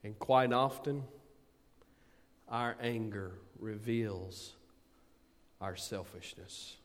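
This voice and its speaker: A man preaching a sermon, swinging from booming emphasis to quiet asides. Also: extremely slow. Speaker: pastor. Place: church sanctuary. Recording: long hall reverb.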